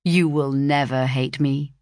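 A woman reading the part of a sulky, defiant young gentleman who turns indignant, muttering some lines. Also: very deep voice, fairly even intonation, slow pace, no room sound, studio quality. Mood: pleading.

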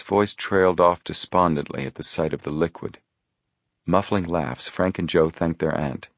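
A man reading a children's mystery book aloud with expressive storytelling. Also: low-pitched, normal speed, dry recording, studio quality. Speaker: audiobook narrator. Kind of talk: scripted narration.

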